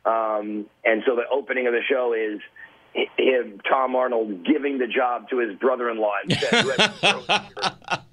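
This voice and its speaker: A man in his forties calling into a radio show by phone, a relaxed, chatty storyteller. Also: mid-range voice, moderate pace, husky, poor audio. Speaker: celebrity guest calling in. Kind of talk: phone interview.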